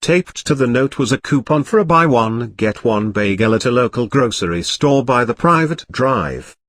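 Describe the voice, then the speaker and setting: A man narrating a comic storybook parody in a deadpan reading style. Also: medium pitch, normal speed, no room sound.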